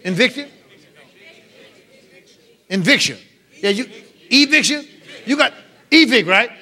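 A man's voice: very high voice, animated, unhurried, pauses often, bright, forceful tone. A man preaching a revival sermon, emphatic and calling out to the congregation. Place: church revival service.

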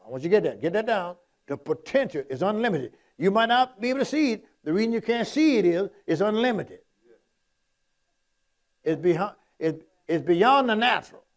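A man's voice: sits high, lively intonation, moderate pace. A man preaching a sermon in a folksy, repetitive, emphatic way, quoting Scripture.

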